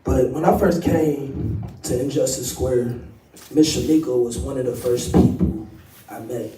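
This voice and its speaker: Man, emotional testimony, mellow tone, heard from a distance in an echoey space. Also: medium pitch, fairly even intonation. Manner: soft-spoken, halting, frequent ums. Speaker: activist and co-founder of a group. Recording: distant, roomy livestream audio with faint noise.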